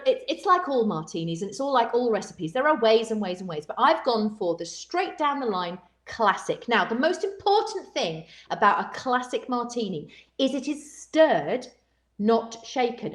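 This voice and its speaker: A woman co-hosting a live cocktail show, chatting casually and giggling often. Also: a little high. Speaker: co-host of a cocktail livestream. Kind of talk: casual chat. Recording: echoey room.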